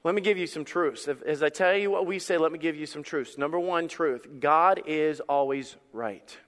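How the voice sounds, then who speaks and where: A man's voice: a little high, moderate pace, fairly bright tone, in a large hall. A male pastor preaching a sermon in an emphatic, conversational way, repeating phrases for effect.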